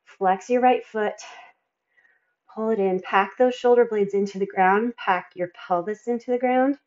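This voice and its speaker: A woman's voice: mid-range voice, a little slow, a little mellow, dull audio. A woman fitness instructor coaching a workout, counting reps and encouraging, sighing and a bit out of breath between exercises.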